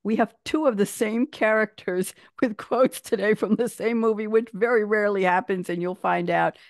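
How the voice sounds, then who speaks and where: A woman hosting a live online talk show, chatty and animated, laughing often, speaking over a video call. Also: medium pitch, moderate pace, no room sound, clean studio sound. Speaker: host.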